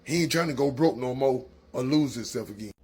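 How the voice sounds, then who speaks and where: A man's voice: medium pitch, fairly quick, darkish tone, breathy edge. A man giving a preachy opinion monologue, lecturing in colloquial speech. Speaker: commentator.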